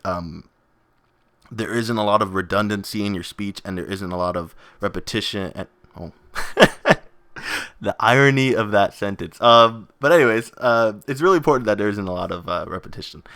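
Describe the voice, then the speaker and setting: A young man talks through a gaming vlog in a low register, rambling and poking fun at himself. He laughs easily between thoughts. The sound is dry, with no room around it. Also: normal speed, fairly bright tone, no room sound. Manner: rambling, self-mocking, laughs often. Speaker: gaming video host. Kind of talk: casual vlog chat over gameplay.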